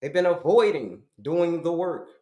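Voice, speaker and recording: A man's voice: a little high, lively intonation, unhurried, mellow, reverberant. A middle-aged man giving an emphatic, repetitive health coaching talk, asking and answering his own questions to the audience.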